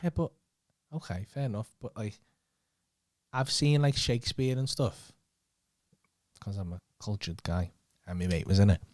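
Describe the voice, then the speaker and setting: A man's voice: lowish voice, moderate pace, pauses often, a little mellow, dry recording, studio quality. A man with a Scouse accent, hosting a casual podcast chat and teasing his guest with plenty of swearing and laughter. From Liverpool. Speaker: podcast host.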